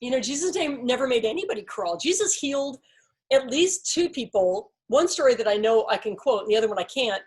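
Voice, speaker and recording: Woman in a fairly high register, leading a relaxed Bible study, talking ideas through with examples. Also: brisk. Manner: thoughtful, explains with examples, uses "like" and "you know" often. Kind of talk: casual group discussion.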